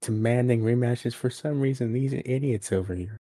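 A man's voice: medium pitch, normal speed, warm tone, no echo, studio quality. A man co-hosting a podcast, casually recapping a wrestling show at length and acting out what was said. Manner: recaps events at length, acting out quoted lines. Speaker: podcast co-host. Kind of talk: casual wrestling review chat.

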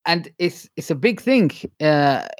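Animated Mancunian man, emphatic chat. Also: a little high, a little slow, no room sound, studio quality. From Manchester, England. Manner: animated, emphatic, repeats "right?" and "yeah?". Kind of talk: casual heated chat.

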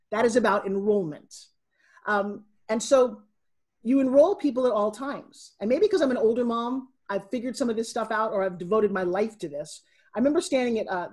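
A middle-aged woman, a guest on a podcast, telling stories in an animated way and acting out what people said. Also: mid-range voice, breathy edge. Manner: animated storyteller, acting out quotes. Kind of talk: casual interview.

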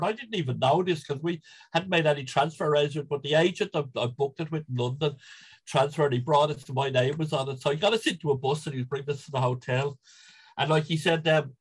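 This clip features the same kind of rambling, chuckle-filled storytelling from a middle-aged Irish guest who follows football, full of restarts. His voice sits a little high and sounds slightly rough, captured on a rough recording.

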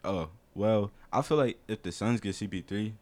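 A man's voice: lowish voice, moderate pace, darkish tone. A man in a casual sports chat, blunt and opinionated, cursing freely.

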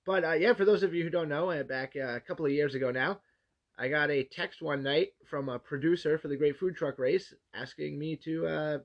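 A man's voice: a little high, fairly quick, gravelly. A young man co-hosting a casual podcast, joking around, swearing freely and slipping into bad put-on accents. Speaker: podcast co-host. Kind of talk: casual chat. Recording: dull lo-fi sound.

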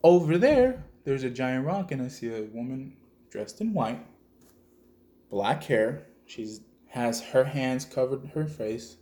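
A man's voice: medium pitch, expressive, slow, warm tone. A man from El Salvador telling a spooky childhood story in casual, profane podcast chat. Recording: echoey room.

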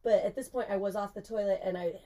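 A woman's voice: medium pitch, steady tone, fast, mellow. A young woman co-hosting a podcast, telling a story in casual chat, laughing often and swearing freely.

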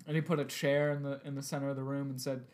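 A young man co-hosting a podcast, telling an animated story with lots of laughter and loud outbursts. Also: medium pitch, fast talker. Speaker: podcast co-host. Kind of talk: casual chat, storytelling.

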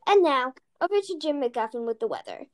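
A woman's voice: high voice, very animated, a little fast, rough recording. A woman voicing a male TV newscaster in a storybook reading, with formal announcing delivery.

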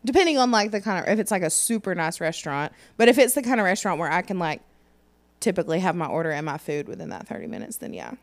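A woman's voice: lowish voice, sing-song, fast. A young woman, chatting casually on a podcast, laughing often and chiming in. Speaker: podcast co-host. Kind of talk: casual chat.

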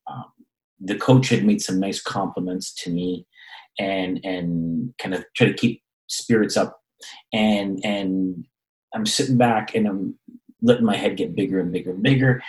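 Deep-ish male storyteller, animated, acts out other people's lines. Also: moderate pace, rough recording. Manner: animated, acts out quoted voices, repeats words. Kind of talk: storytelling in casual chat.

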